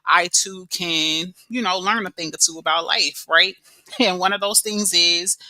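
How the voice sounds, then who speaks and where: A bright, forceful woman talks to viewers on her live stream. She sounds middle-aged, and her voice is close and dry. She is chatty, calls people "baby" and says "y'all" a lot. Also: on the low side, a little slow, dry recording. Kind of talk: casual live-stream chat.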